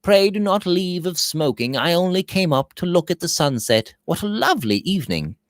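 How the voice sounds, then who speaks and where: A man's voice: sing-song, moderate pace, no room sound. Guy reading a victorian novel, voice goes all over the place, dry close sound. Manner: voices dialogue with rising pitch and volume. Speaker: audiobook reader.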